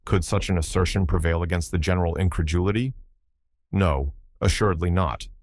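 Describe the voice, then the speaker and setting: Deep-voiced male audiobook narrator. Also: a little mellow. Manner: measured, formal storytelling. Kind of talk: scripted narration.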